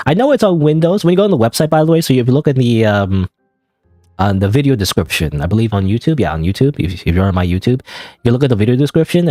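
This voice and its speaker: A man's voice: on the low side, darkish tone, no room sound. A young man from Canada doing casual game commentary, rambling and self-mocking with frequent restarts. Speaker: gaming streamer.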